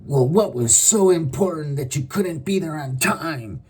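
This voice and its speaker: A man voicing an irate, demanding person who asks pointed, accusing questions, raising his pitch well above his own. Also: animated, measured pace, darkish tone, slightly rough. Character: irate, demanding person complaining about lateness.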